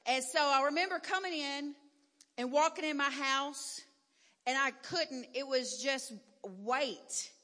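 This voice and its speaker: Bright-voiced woman preaching in a reverberant hall. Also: high-pitched, a little slow. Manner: candid, emphatic, rising to loud declarations. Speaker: preacher giving a testimony. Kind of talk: sermon testimony.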